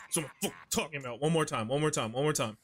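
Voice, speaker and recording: A male streamer talking over his game in a casual, brash way, swearing freely and getting excited fast. His voice sits a little on the high side. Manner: brash, excitable and heavily profane. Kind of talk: casual gaming commentary.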